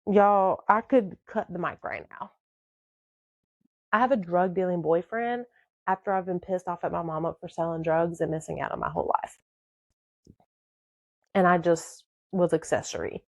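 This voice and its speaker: A woman's voice: lowish voice, gravelly, a little mellow, no echo, highs cut off. A woman, emotionally and dramatically telling a personal story on her podcast.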